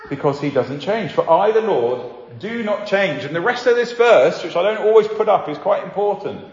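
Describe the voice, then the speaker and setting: A man preaching a sermon, earnest, slowing down to stress key points. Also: high voice. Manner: earnest, slows down for emphasis. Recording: echoey hall, slightly dull sound.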